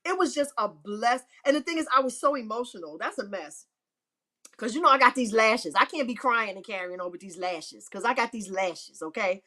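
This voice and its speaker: A woman's voice: expressive, moderate pace, bright, forceful tone. A woman speaking as an inspirational speaker in a faith-filled motivational talk, emphatic and repeating phrases for effect. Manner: acts out quotes with pitch swings.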